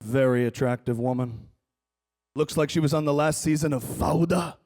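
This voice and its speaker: A male stand-up comedian works the crowd from a conference stage. He is wry and animated, with a high-pitched voice. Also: moderate pace. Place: large conference hall stage.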